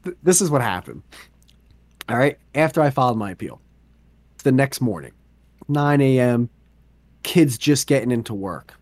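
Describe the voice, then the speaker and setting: A man co-hosting a podcast in casual chat, telling stories in an animated way and swearing freely. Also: mid-range voice, normal speed, long pauses, dry recording. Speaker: podcast co-host.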